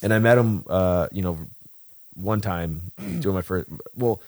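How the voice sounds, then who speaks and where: A man's voice: low voice, unhurried. A man in his thirties on a podcast, casually telling long stories, swearing freely and acting out what other people said. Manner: animated, profane storytelling, acts out other people's lines. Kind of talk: casual chat.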